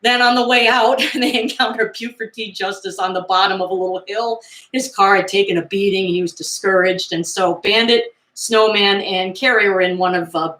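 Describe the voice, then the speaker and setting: A woman in her fifties casually recapping old movies in a chatty, animated way, acting out quotes as she goes. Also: medium pitch, moderate pace, reverberant. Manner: chatty, animated retelling with acted-out quotes and laughs.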